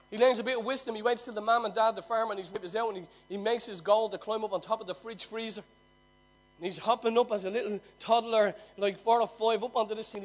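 Male preacher, high voice, storytelling sermon, loud then hushed. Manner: swings from loud emphasis to near-hushed telling.

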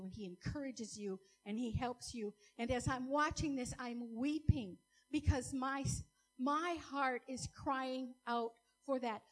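A woman's voice: a little high, poor audio. A woman giving an earnest, emotional church testimony, speaking directly to a congregation.

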